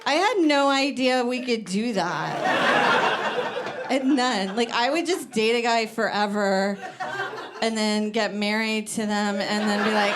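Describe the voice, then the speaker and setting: A woman's voice: a little high, a little slow, pauses often, heavy background noise. A woman doing a stand-up comedy set, chatty and full of fillers, chuckling at her own jokes and a little out of breath. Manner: conversational, many "like" fillers, laughs at own jokes. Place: comedy club stage with live audience. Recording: live crowd audible. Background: audience laughter.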